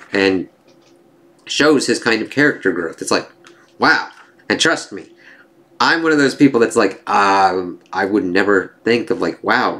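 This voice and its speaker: A man casually reviewing a comic book, excitable and profane. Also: on the low side.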